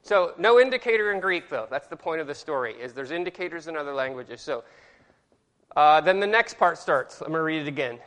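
A man's voice: fairly high pitch, expressive, fairly quick, a bit bright, big-room sound. Casual man teaching a Bible class. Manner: casual, self-deprecating, reads verses aloud with exaggerated inflection.

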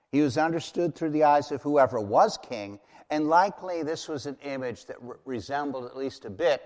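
A man delivers a sermon from the pulpit, his voice in an ordinary middle register. He preaches emphatically, slowing down to stress key words and then rising to loud declarations. A long reverb trails every phrase, as in a large church hall. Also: medium pitch. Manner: emphatic, builds to loud declarations, slow spelling. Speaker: pastor.

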